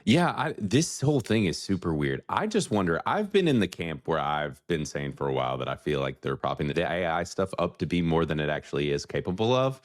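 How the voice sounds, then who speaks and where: A man's voice: sits low, sing-song, brisk, few pauses, no echo, clean studio sound. A man joining a podcast as a guest, wondering aloud in a hesitant casual chat.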